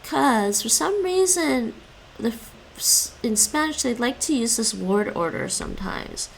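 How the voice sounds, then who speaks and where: Woman streamer explaining grammar casually, slow delivery, some vocal fry, light background hiss. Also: a little high, lively intonation, rough recording. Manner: thinks aloud, self-correcting, explaining grammar. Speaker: live streamer studying languages. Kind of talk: casual live-stream language study.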